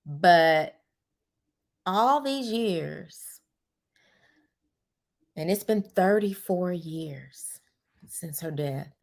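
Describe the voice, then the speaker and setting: A middle-aged woman hosting a podcast, speaking slowly and reflectively with many pauses, and at times tearful. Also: on the low side, a bit bright. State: tearful at moments. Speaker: podcast host. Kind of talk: personal monologue.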